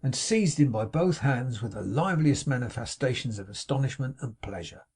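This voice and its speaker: Male narrator, husky mid-pitched voice, reads classic fiction, brightens for excited dialogue. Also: normal speed. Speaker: audiobook narrator. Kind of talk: scripted narration of a classic novel.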